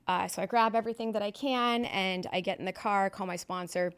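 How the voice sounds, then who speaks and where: A woman in her thirties tells her own story plainly and bluntly, her voice sitting at a middle pitch. She talks in a loose, conversational way, full of fillers and frank asides, and never softens the hard parts. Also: fairly even intonation, brisk, vocal fry, few pauses. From Southern California. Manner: candid, blunt storytelling with frequent swearing and fillers. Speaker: podcast guest. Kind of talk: personal recovery story.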